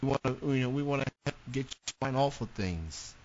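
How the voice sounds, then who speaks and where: A man's voice: mid-range voice, expressive, a little fast, dull audio, noisy background. A man from the southern United States co-hosting a radio show, chatting casually, often restarting and repeating words. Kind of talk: casual banter.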